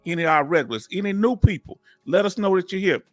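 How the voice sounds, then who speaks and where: A man's voice: high-pitched, animated, fast, no echo, faint music behind. Southern man hosting a live chat. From Texas, United States. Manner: chatty and folksy, reading out viewer comments. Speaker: host of a veterans live chat. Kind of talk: casual live-stream chat.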